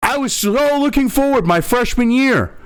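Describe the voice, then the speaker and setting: A man's voice: very high voice, lively intonation, normal speed, clean tone. A male host delivering a profane, angry political commentary rant full of sarcasm. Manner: angry, sarcastic, swears constantly.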